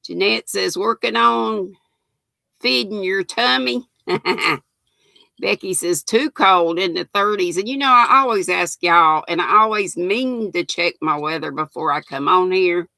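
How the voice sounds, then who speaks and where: Slow-talking older Southern woman. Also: mid-range voice, creaky, bright, forceful tone, dry recording. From North Carolina. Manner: folksy, greets viewers by name, laughs often. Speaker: livestream host. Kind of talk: casual live-stream chat.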